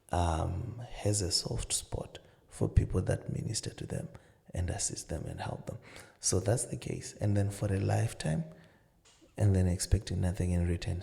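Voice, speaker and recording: A middle-aged man talks through marriage advice in a relaxed podcast conversation. His voice sits low with a heavy gravelly fry and a dark, mellow tone. He tells stories earnestly and acts out both sides of the dialogue. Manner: earnest storytelling with many "you know" asides, acting out dialogue. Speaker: marriage counsellor and pastor, podcast guest. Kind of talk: casual advice-giving conversation.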